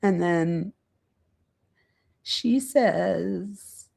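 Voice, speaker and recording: A woman with a gravelly, creaky voice casually reads quotes aloud and comments on them. She hosts a true crime channel and stops now and then to look through her notes. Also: fairly low pitch, extremely slow, a little mellow.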